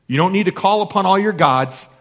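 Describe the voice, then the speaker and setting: A man's voice: sits high, lively intonation, brisk, vocal fry, big-room sound, exaggerated voice. A man voicing a prophet who firmly declares his faith. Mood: proclaiming.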